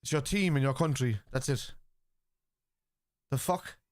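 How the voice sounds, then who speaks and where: Sweary Irish football streamer, dry close mic. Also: male voice, mid-range voice, a little slow, dry recording. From Ireland. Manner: blunt, sweary, excitable shouts at goals. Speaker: football watchalong host. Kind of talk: live watchalong chat reacting to chat.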